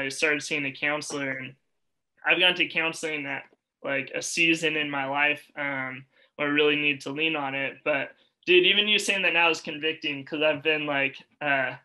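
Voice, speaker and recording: Rambling man with a very bright, sharp voice. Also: a little high, rough recording. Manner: rambling, self-deprecating, full of fillers. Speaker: youth ministry podcast co-host. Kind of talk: casual chat.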